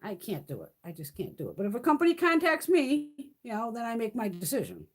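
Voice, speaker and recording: Husky-voiced chatty woman vlogger. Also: a little high, wildly swooping pitch, fast. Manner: chatty, swears freely, coos at her cats. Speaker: beauty vlogger. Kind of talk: casual live-stream chat. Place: home.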